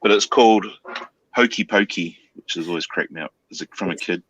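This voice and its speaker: A man's voice: low voice, fast, muffled recording, a little hiss or hum. A man with a New Zealand accent, a guest in a casual chat, laid-back and wry.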